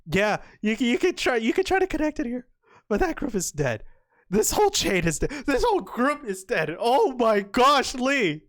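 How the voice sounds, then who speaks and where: A young woman giving excited commentary on a board game, gushing and exclaiming as she acts out the players' imagined thoughts. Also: on the high side, normal speed, no room sound, studio quality.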